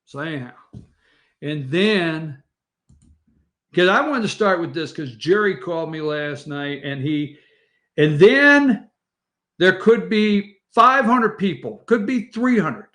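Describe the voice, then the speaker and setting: A man's voice: a little high, animated, slow pace, pauses often, fairly bright tone. A man hosting a morning show, telling rambling family stories over old photos and chatting straight to his viewers.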